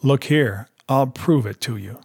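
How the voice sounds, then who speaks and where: A narrator putting on a rough Klondike dog-musher, slow and plain-spoken, with a dry rustic humor. His voice sits low and easy, with a husky grain. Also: darkish tone.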